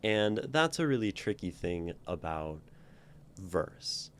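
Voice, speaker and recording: A man's voice: deep voice, very animated, takes it slowly, slight background noise. A man hosting a poetry channel, talking viewers through a poem. He thinks aloud and keeps checking in with "right?". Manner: thoughtful, often checks in with "right?".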